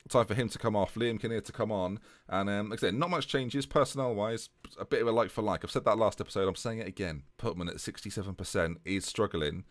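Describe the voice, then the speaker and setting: A man's voice: low-pitched, dry recording. A young man giving chatty, jokey play-by-play commentary on a football management game.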